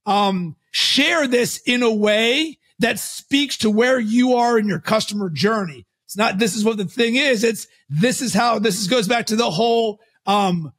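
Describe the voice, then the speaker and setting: A man being interviewed as a guest on a podcast, a coach and founder explaining his ideas in an energetic, conversational way, with fast runs and loud emphatic bursts. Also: very high-pitched.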